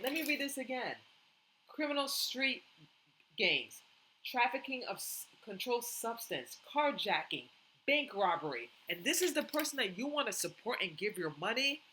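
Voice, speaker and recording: A woman's voice: on the high side, big pitch swings, moderate pace, bright, forceful tone, slight background noise, rough recording. A woman giving opinionated reaction commentary, indignant and emphatic, repeating herself. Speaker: commentary vlogger.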